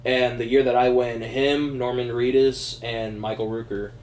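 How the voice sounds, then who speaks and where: A man's voice: mid-range voice, level tone, moderate pace, darkish tone, roomy sound. A man co-hosting a podcast in casual chat, laid-back and swearing casually. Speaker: podcast co-host.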